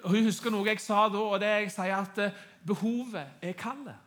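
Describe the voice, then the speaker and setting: Brief: quick male sermon interpreter, restarts, high voice. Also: fairly bright tone.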